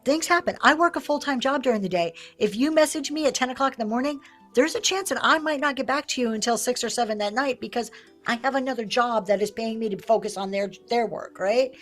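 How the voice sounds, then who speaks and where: Brief: woman, fairly high voice, livestream host coaching sellers, lively, acts out quotes, faint music under her. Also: quick pace. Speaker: live-selling host. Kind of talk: livestream teaching talk.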